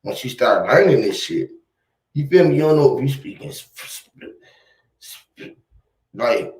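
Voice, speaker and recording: A man's voice: medium pitch, expressive, normal speed, darkish tone. Slangy laid-back man in an echoey room. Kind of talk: casual chat.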